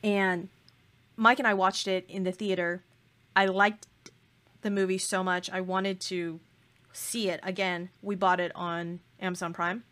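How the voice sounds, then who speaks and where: A woman's voice: on the low side, level tone, unhurried, a bit bright. A woman co-hosting a podcast in casual chat. She gushes with emphatic, playful exaggeration. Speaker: podcast co-host.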